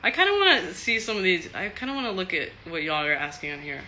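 A woman's voice: fairly low pitch, sing-song, fast, bright, forceful tone, slight background noise. A woman from Texas, an actor, answering fan questions in a loose, chatty live stream, swearing freely and laughing often. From Texas, USA.

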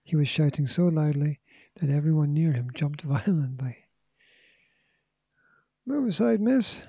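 A man reading a children's storybook aloud in a steady, measured way. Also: fairly high pitch, slightly rough, no echo, lo-fi sound. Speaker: audiobook reader. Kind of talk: storybook narration.

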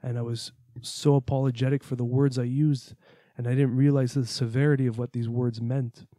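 A man speaks in an earnest, reflective way as he recounts a personal experience to his audience, cursing now and then. His voice is warm and mellow, with a middling pitch. The recording is dry and close, with no room sound. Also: little pitch movement, brisk, dry recording. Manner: candid, earnest, reflective, with the odd curse. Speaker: podcast host. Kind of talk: personal storytelling monologue.

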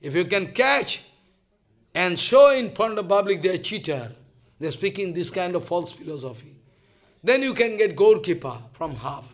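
A man's voice: high-pitched, big pitch swings, normal speed. An older man with a Bengali accent gives a devotional lecture in broken English, emphatic and repeating his phrases. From India. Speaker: spiritual teacher.

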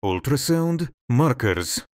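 Man playing a calm, firm male doctor, storybook read, dry. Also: mid-range voice, slow, no echo. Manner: calm, reassuring.

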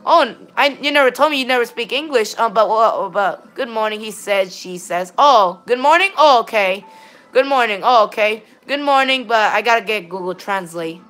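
A gaming livestreamer talks informally with her audience in a voice on the high side, animated and fairly bright, at normal speed. Stammers, restarts, and the phrase "all right, then" come up often.

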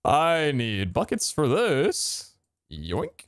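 A young man chatting while gaming with friends, with a dry, deadpan humor and mock-formal phrasing. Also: on the high side, very slow, no echo. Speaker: gamer. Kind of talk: casual gaming chat.

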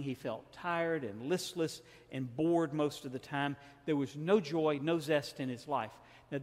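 Southern pastor telling a story, church echo. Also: male voice, a little high. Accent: Southern American. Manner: storytelling, acts out dialogue with shifting tone. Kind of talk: sermon. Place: large church sanctuary. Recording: reverberant church hall.

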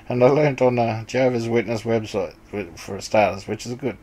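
A man's voice: mid-range voice, fairly even intonation, moderate pace, darkish tone, husky, rough recording. A man casually explaining Bible passages over a screen share, hesitant and full of ums and restarts. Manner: plain, conversational explaining. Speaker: Bible study video maker.

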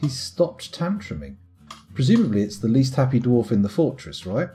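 A man's voice: mid-range voice, very animated, moderate pace, warm tone, soft background music. A man streaming a strategy game live, muttering wryly to himself as he plays. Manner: wry, muttering to himself while playing. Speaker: gaming streamer.

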